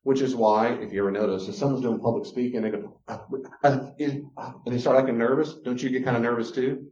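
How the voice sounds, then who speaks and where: A man giving a teaching talk on relationships. He is animated and acts out the voices he quotes. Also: medium pitch, fast. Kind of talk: lecture-style teaching. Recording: roomy, slightly dull sound.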